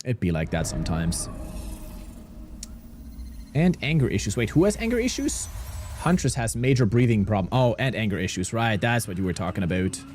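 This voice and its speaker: A man's voice: on the low side, darkish tone, a little hiss or hum. A young man from Germany, casually chatting with viewers and cracking jokes while streaming a game. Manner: joking, cursing, chatting with viewers. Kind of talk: casual livestream commentary.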